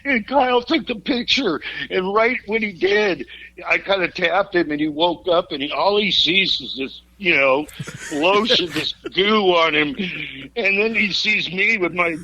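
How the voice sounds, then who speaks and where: A man's voice: high-pitched, unhurried, bright, forceful tone, dull audio, slight background noise. A rock singer in his fifties, a podcast guest, telling wild road stories in casual chat, laughing through them, swearing freely and cracking jokes. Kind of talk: raucous storytelling in casual chat.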